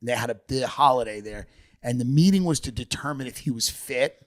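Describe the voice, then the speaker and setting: A man's voice: mid-range voice, fairly quick. A man holds forth as a podcast guest, riffing in casual comedy and slipping into mocking impressions. His voice sits in an ordinary middle register. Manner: animated, mocking impressions of politicians.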